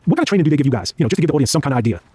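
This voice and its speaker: A man hosts a casual podcast, asking questions quickly and with a lot of hedging and restarts. His voice is husky and dark, a little higher than most men, recorded dry and close. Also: very animated, dry recording. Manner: hesitant, filler-heavy questioning. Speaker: interviewer.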